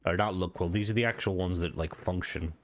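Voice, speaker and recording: A man's voice: deep voice, brisk. Nasal, stuffy-voiced man. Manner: rambling, thinking aloud with restarts. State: stuffy from hay fever. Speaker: gaming video host. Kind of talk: casual gameplay commentary.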